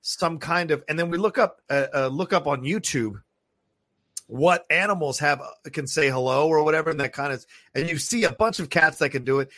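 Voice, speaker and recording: A man's voice: on the high side, a little fast, no echo. A young man co-hosting a podcast, telling a scary story in a casual, profane way and acting out the voices. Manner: animated, profane, acts out voices in his story. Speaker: podcast co-host.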